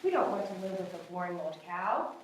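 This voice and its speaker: A woman's voice: lowish voice, sing-song, brisk, slight background noise, pitched below the performer's own voice. A woman voicing a group of unfriendly giraffes from a storybook, speaking dismissively in rhyme. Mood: snooty. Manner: dismissive, rhyming. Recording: echoey room, far from mic.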